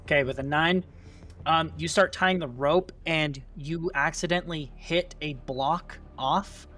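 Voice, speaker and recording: Higher-voiced man running a tabletop game. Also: unhurried, fairly bright tone. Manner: casual, filler-heavy narration. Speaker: game master. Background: faint music.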